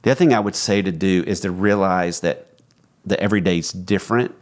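Middle-aged male podcast host, low register, earnest and reflective, casual chat delivery. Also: fairly quick.

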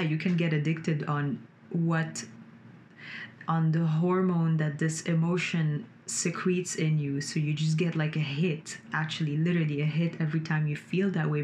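Sitting in a computer-lit room, a woman whose voice sits low vlogs about her feelings and personal growth. Her spoken monologue is casual and rambling, full of "like," swearing and expressive rises, with slight hiss or hum.

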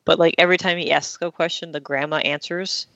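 A woman's voice: sits low, steady tone, brisk, gravelly, fairly bright tone, no room sound. Woman casually retelling a tv episode, acting out lines, dull dry lo-fi sound. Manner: chatty storyteller acting out quotes. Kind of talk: casual chat, recapping a TV episode. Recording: dull, slightly lo-fi dry recording.

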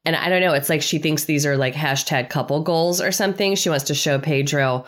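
A woman guest on a podcast, recapping a reality show in casual, animated, sarcastic talk and acting out quotes. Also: deep voice, brisk.

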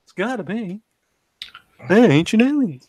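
A man on a podcast, cracking profane jokes and laughing loudly in casual chat. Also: high-pitched, sing-song, a little slow. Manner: wisecracking, profane, loud laughs. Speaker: podcast co-host.

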